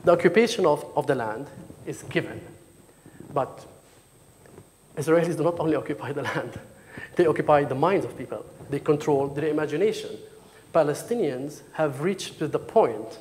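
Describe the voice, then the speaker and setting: A man's voice: on the high side, moderate pace, a little mellow, slight background noise. A man from Jerusalem, an author giving an emphatic talk and reading from his memoir at a book launch. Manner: emphatic, questioning the audience. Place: lecture hall. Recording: long reverb of a hall.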